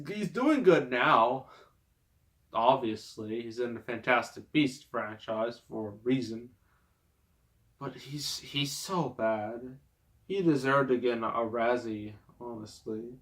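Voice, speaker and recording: Man, middle-pitched, slow delivery; exasperated rambling movie-review ranter who laughs through his complaints. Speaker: movie reviewer, host of the show. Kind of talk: casual movie review rant.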